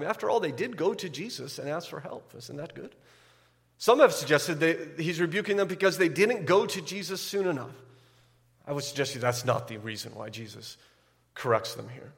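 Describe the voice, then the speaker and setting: Man preaching in an echoing hall. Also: gravelly. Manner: repeats words when building emphasis, rises loud and high at key points. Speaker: pastor. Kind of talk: sermon.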